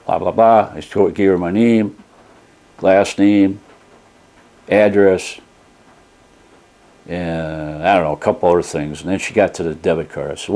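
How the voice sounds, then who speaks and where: A man's voice: deep voice, steady tone, slow, long pauses, darkish tone. A man telling a casual, rambling story in a folksy manner while reviewing a product he bought. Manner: rambling folksy storytelling, retelling a phone call.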